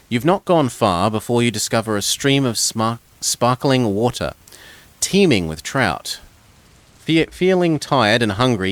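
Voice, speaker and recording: A man's voice: fairly low pitch, fairly bright tone, no echo. A man reading a gamebook aloud in second person, stumbling over words now and then and dropping casual asides. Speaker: gamebook reader.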